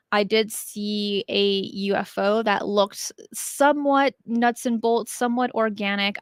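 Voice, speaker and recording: In a mid-range voice, a young woman running her own channel chats animatedly through viewer questions, laughing easily along the way. The recording is dry with clean studio sound.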